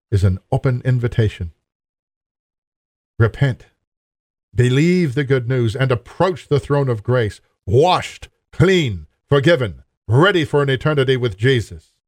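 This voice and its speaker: A man's voice: medium pitch, a little mellow, no room sound. Earnest male preacher, dry sound. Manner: earnest, emphatic preaching with direct appeals to listeners. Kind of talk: sermon.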